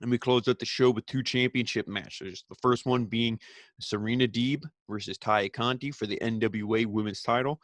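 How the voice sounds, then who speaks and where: A man's voice: medium pitch, fairly even intonation, normal speed, no room sound. A man casually recapping a wrestling show, rambling and opinionated, with lots of fillers and restarts.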